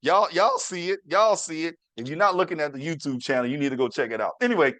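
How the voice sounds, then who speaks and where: A man's voice: on the high side, fast talker, bright, forceful tone, dry recording. A middle-aged man hosting his own talk show, telling a story in a chatty, repetitive way and talking straight to his listeners. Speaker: podcast host. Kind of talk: casual storytelling monologue.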